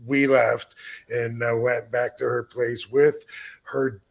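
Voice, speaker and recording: Gravelly man rambling through a story. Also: mid-range voice, flat delivery, slow. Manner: rambling, laid-back, swears freely. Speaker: podcast host telling stories. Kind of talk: casual storytelling chat.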